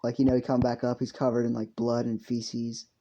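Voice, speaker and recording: A man's voice: mid-range voice, completely flat delivery, brisk, dark tone. Rambling young man telling a crude story. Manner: rambling, crude, self-correcting, with frequent fillers. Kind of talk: casual improvised story narration. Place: home room with a pet cat. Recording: dull lo-fi home mic with faint hiss.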